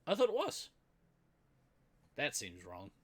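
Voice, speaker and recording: A man's voice: medium pitch, huge pitch swings, takes it slowly. A man from New Zealand with a Kiwi accent, co-hosting a podcast in casual chat, laughing often and using lots of fillers. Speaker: podcast co-host.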